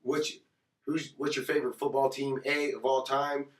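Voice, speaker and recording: A man's voice: mid-range voice, level tone, normal speed. A man co-hosting a casual chat, joking and swearing. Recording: echoey room, distant mic.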